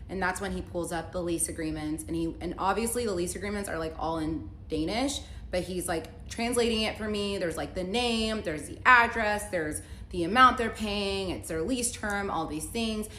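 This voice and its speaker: A woman's voice: fairly low pitch, a bit bright. A young woman telling a personal story in a casual, chatty way, full of "like" fillers and acted-out dialogue, in an echoey room. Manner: chatty, heavy use of "like" fillers, acts out quoted dialogue. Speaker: storyteller recounting a relationship. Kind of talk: casual story-time vlog. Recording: echoey room with faint noise.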